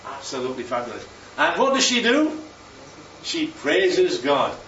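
A man's voice: a little high, measured pace, a little hiss or hum. Male preacher, slightly raised voice, distant dull echoey recording, prompts the room often. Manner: lively, peppers talk with "Right?" and "Yeah?". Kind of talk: sermon. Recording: echoey, distant, dull sound with faint ambience.

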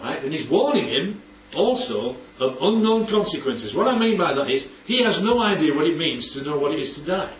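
A man leading a Bible study group. He speaks in an animated teaching manner and often checks for agreement. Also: a little high, fairly quick, few pauses. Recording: roomy, distant, dull recording with faint background ambience.

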